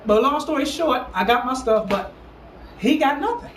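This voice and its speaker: A man hosting a casual talk session, telling a story with animated emphasis, repeating lines and acting out other people's words. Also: very high-pitched, normal speed, far from the mic. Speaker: host. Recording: roomy echo, off the mic, light background hiss.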